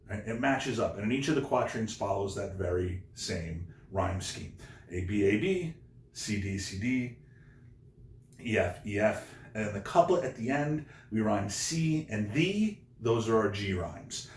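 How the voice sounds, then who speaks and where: Man, teacher, slow patient explanations, repeats points, reverberant home room. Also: on the low side, lively intonation, darkish tone. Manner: explains slowly, repeats key points, reads a poem aloud. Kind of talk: recorded remote lesson. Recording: echoey room.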